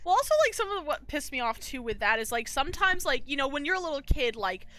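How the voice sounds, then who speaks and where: Lively high-voiced young woman streamer. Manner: animated, quick storyteller who acts out quotes. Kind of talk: casual chat on a live art stream.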